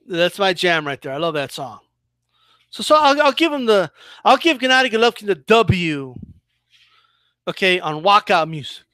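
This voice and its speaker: High, bright-voiced male boxing vlogger. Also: normal speed, long pauses, clear, resonant tone, no echo. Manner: animated, mocking, with repeated restarts. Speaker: boxing commentator and channel host. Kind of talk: casual boxing commentary vlog.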